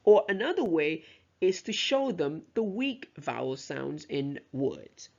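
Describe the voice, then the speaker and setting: Teacher narrating a lesson, gravelly tone, dull lo-fi sound. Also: medium pitch, sing-song, slow, darkish tone. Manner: explanatory, modelling words aloud, self-correcting. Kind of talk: recorded lecture explaining pronunciation.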